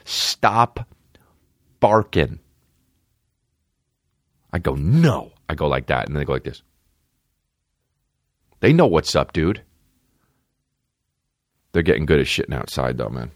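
A low-pitched man hosts a casual podcast from his home, cursing freely as he rambles and restarts his sentences. His delivery is lively, with pitch leaping high and low, and the recording is close and dry. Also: moderate pace, long pauses, no echo. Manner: profane, animated, rambling with many restarts. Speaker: podcast host. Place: at home, dogs nearby. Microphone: podcast microphone.

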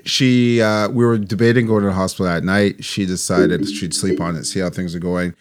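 A young man with a fairly low voice tells a story in a casual podcast chat. He is animated and acts out the lines of the people in it. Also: moderate pace. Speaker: podcast co-host.

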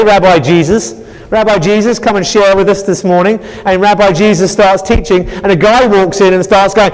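A man preaching a sermon as pastor, animated and acting out scenes. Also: sits high, long reverb tail, low-quality recording. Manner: animated, acts out scenes with laughter.

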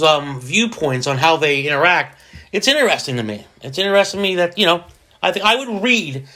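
A man's voice: fairly high pitch, pushed and bright. Rambling man hosting a solo podcast. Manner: rambling, restarts sentences often; slips into jokey put-on voices. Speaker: podcast host. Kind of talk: casual solo podcast monologue.

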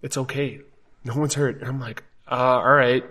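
A man from Wisconsin, co-hosting a podcast, tells a long story with a lot of energy. He switches into the voices of the people he quotes as he goes. His voice sits at an ordinary middle pitch. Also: normal speed. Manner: animated storytelling, acting out quotes. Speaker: podcast co-host. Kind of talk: casual chat.

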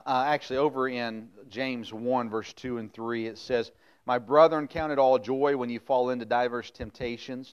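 A middle-aged man leads a sermon in an easygoing, conversational tone. His voice sits at an ordinary medium pitch. He moves from reading scripture in old-fashioned wording to folksy explanation sprinkled with fillers. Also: clean tone. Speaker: preacher. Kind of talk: casual sermon with Bible reading.

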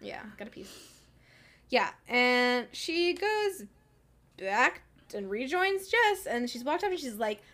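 A woman's voice: fairly high pitch, very animated, slow, fairly bright tone. A young woman co-hosting a casual book chat, laughing often and swearing freely. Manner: giggly, swears freely, acts out quotes. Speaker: podcast co-host.

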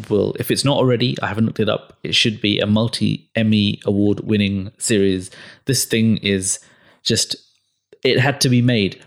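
A man hosting a casual podcast chat, giving opinionated takes with sarcastic asides and lots of ums. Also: on the low side. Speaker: podcast host.

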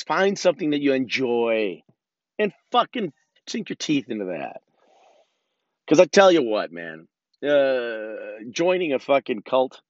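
A man's voice: mid-range voice, no room sound. A man in his thirties ranting casually and profanely, rambling with many restarts, in a car. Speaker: vlogger. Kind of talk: casual rant. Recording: dull lo-fi sound.

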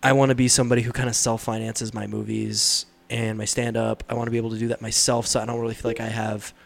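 A man's voice: lowish voice, level tone, fast talker, creaky. A young man talking casually as a podcast guest, loose and joking, sometimes acting out comedy lines in a raised voice. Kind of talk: casual chat.

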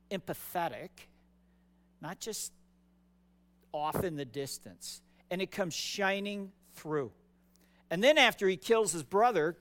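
A male pastor delivering a sermon in a notably high voice. He takes his time, speaking slowly and casually. He often doubles words for emphasis. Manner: conversational and emphatic, repeats words.

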